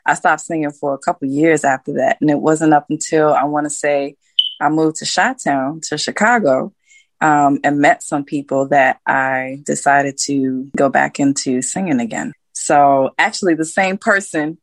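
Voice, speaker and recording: A woman singer talks as a guest in a casual interview, in a very low voice. She tells her stories candidly and laughs often. The sound is dry and close. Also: fairly even intonation, moderate pace, no echo. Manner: candid storytelling with frequent laughs.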